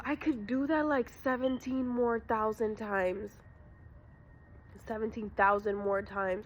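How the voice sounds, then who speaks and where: Addressing her viewers as y'all, a young woman who vlogs about spirituality shares a raw, emotional personal story full of profanity. She speaks on the high side, and the recording has its highs cut off plus a little hiss or hum.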